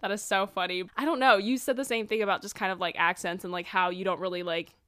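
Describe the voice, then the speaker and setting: A woman's voice: medium pitch, steady tone, quick pace, a bit bright, no echo. A bubbly woman hosts a casual podcast, gushing and chatty with plenty of "like". Her voice sits in a middle range and is recorded dry and close, with no room sound. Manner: bubbly, gushing, heavy use of "like". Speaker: podcast host.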